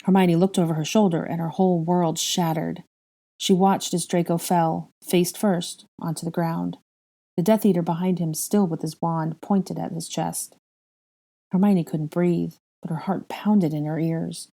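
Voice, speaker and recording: A woman reads a fan fiction chapter aloud, steady and measured. Her voice sits low and sounds mellow and warm. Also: creaky. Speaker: narrator.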